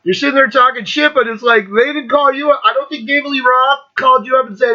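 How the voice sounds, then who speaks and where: A man's voice: very high voice, steady tone, fast talker, few pauses, muffled recording. A man in his fifties hosting his own show, ranting bluntly and mockingly, swearing freely and laughing often. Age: 50s. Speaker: podcast host. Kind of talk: profane rant.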